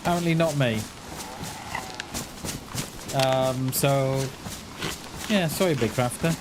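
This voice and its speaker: A man's voice: mid-range voice, takes it slowly. Rambling man streaming a game. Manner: rambling, chuckling, self-mocking. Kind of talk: casual livestream chat while gaming. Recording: noisy background.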